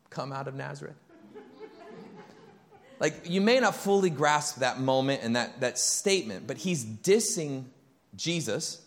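A man pastor preaching a sermon in a church, conversational and animated, acting out bits of dialogue and getting loud and high when excited. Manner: conversational, acts out quoted dialogue.

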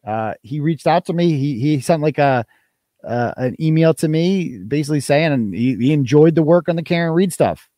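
A man's voice: fairly high pitch, expressive, normal speed, mellow, no room sound. A man hosting a live stream, chatting casually and reading out donation messages with loose, crude jokes. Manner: loose, joking, crude asides. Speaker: host.

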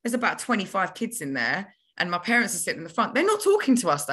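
A young woman, a podcast guest telling stories from her childhood in a lively, chatty way. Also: medium pitch, quick pace, slightly rough. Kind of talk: casual storytelling.

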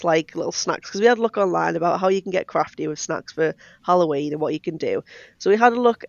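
A woman's voice: lowish voice, gravelly, dry recording, highs cut off. A young woman, chatting casually and telling sassy stories as a co-host. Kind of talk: casual chat.

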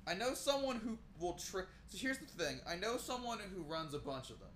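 A man's voice: high voice, very animated, moderate pace, a bit bright, a little hiss or hum. Rambling, foul-mouthed male podcast co-host. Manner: loose, rambling, swears freely. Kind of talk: casual chat.

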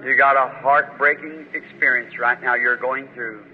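A man's voice: medium pitch, steady tone, moderate pace, slight background noise. A man preaching at a faith healing service, praying fervently and commanding with force. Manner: fervent, commanding when rebuking. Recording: muffled old recording in a reverberant hall.

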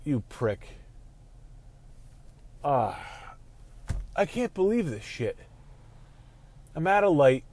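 A man hosting a casual sports talk show from his car while driving, ranting and swearing, quick to flare into angry outbursts. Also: fairly high pitch, sing-song, a little mellow. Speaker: show host.

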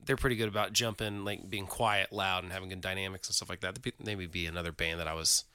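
A man's voice: low-pitched, fairly even intonation, fast, pushed and bright, clean tone, no room sound. A man co-hosting a casual music chat, enthusiastic and rambling with lots of fillers. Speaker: podcast co-host.

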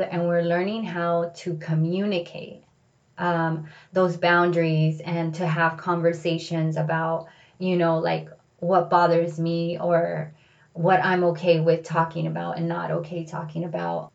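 Candid, lowish woman telling personal stories. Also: little pitch movement, measured pace, vocal fry, a little mellow, dull audio. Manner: candid, reflective, filler-heavy with "like" and "you know". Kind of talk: personal storytelling.

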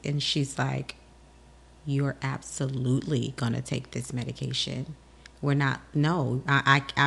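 Low gravelly woman telling a personal story. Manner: animated, acts out the voices of people in her story. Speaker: podcast host.

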